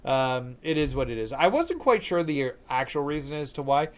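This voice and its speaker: A man from Canada chats his way through a live game stream at an ordinary, middle pitch. He talks casually and easygoing, stopping now and then to answer viewers in the chat. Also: sing-song, moderate pace. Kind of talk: live gameplay commentary.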